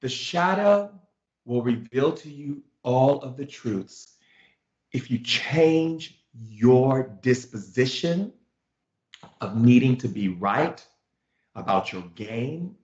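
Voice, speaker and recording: A man teaching through a story, animated and emphatic, repeating himself and leaning on fillers. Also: mid-range voice, takes it slowly. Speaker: spiritual teacher, show host. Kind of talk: storytelling lesson. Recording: echoey room, dull sound.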